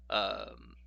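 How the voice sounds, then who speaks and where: A man with a sharp tone teaches a logic lesson over a live stream, giggling and repeatedly bursting into laughter as he explains and reacts to the viewer chat. The recording is dry and the audio sounds dull.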